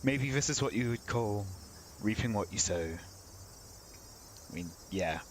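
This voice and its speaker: A man's voice: fairly low pitch, lively intonation, measured pace, a little hiss or hum, rough recording. A man reading a visual novel's narration aloud during a let's play, breaking off into wry, casual comments. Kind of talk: reading game text aloud with casual asides.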